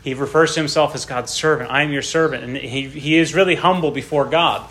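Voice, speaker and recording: A man's voice: on the high side, fairly quick, a bit bright. Man preaching with rising dramatic emphasis. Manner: reads scripture aloud with rising dramatic emphasis; explains and comments between readings in a plain teaching tone. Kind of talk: sermon with scripture reading.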